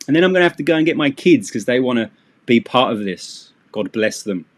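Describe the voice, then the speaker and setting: A man's voice: mid-range voice, expressive, a little fast. A middle-aged man leads a live English class. He explains phrasal verbs and idioms in a loose, joking way. He keeps slipping in sarcastic asides. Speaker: English teacher. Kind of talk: live-streamed English lesson.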